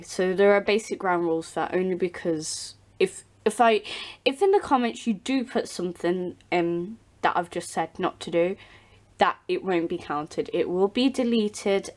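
A woman's voice: lowish voice, moderate pace. A teenage girl, chatting casually to her viewers in a rambling way, with many ums and restarts. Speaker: doll channel vlogger. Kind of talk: casual vlog chat. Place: home, behind the camera.

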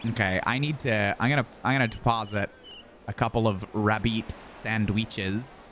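A man's voice: on the low side, steady tone, normal speed, a bit bright, a little hiss or hum. A young Canadian man chatting casually on a gaming stream, laughing often as he talks. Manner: giggly, laughs often mid-sentence.

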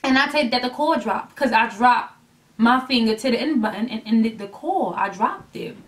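A woman vlogger talks straight to her camera, animated and blunt, swearing for emphasis and rambling as she loses her place. Her voice sits on the high side. She sounds a little distant from the mic. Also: normal speed. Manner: rambling and chatty, losing her train of thought. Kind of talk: casual talk to camera.

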